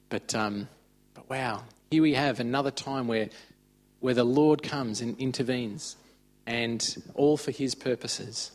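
A man's voice: mid-range voice, steady tone, a little slow. A man giving an informal, conversational sermon. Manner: conversational, chatty retelling of stories. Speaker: preacher.

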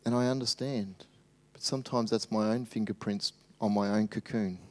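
A man preaching a sermon as pastor, swinging between loud animated bursts and hushed, tender asides. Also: fairly low pitch, moderate pace.

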